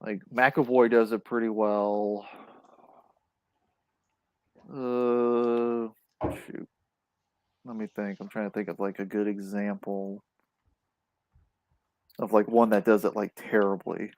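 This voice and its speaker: A man's voice: on the low side, flat delivery, takes it slowly, long pauses, a little mellow, no room sound. A man hosting a podcast in casual chat, hesitant and filling his talk with "like" and other fillers.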